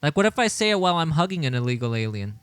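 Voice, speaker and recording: A man's voice: a little high, very animated, racing, fairly bright tone, clear, resonant tone, dry recording. A man hosting a political livestream, talking with indignation, often repeating his words and chuckling as he reads the chat. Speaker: livestream show host.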